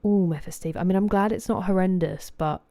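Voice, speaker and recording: A woman's voice: fairly low pitch, fairly quick, warm tone, no echo, studio quality. A woman from southeast England with a southeast English accent, chatting casually with live viewers while streaming a game and greeting them by name.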